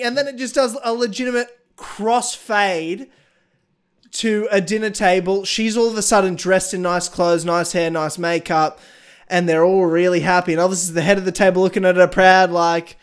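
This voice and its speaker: A man's voice: high voice, steady tone, moderate pace, clear, resonant tone. A young man co-hosting a podcast, telling a story in casual chat, laughing and swearing a lot. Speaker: podcast co-host.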